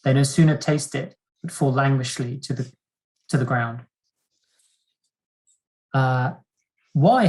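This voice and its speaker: Guy reading an old-timey play scene out loud, mid-pitched voice, modest, trips over words a bit. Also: rough recording. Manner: modest, reads with some stumbles. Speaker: seminar participant reading aloud. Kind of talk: reading an old-style drama passage aloud.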